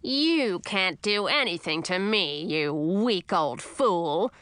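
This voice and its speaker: A woman's voice: expressive, slow, fairly bright tone, clear, resonant tone, no room sound. A woman voicing a cranky, bossy old witch grandmother who barks and sneers in a storybook reading. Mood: scornful. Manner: barking, scornful, shrill at times.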